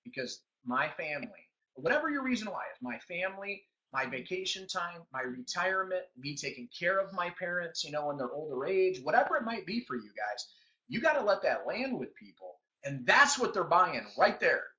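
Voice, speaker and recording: A middle-aged man gives a motivational business training talk, animatedly telling stories and acting out the conversations in them. His voice is high-pitched at a normal speed. The recording sounds dull and lo-fi.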